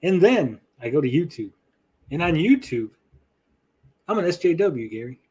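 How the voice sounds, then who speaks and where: A man hosting a podcast in casual chat, swearing freely and talking with pauses. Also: on the high side, breathy edge. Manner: chatty, swears often, lively swings in loudness; speaks with pauses. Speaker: podcast host and YouTuber.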